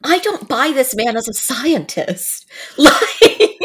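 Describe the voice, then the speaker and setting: A woman hosting a casual film podcast, talking in an animated way with sarcastic asides and frequent laughter. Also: high-pitched, takes it slowly, husky. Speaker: podcast host. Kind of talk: casual film review chat.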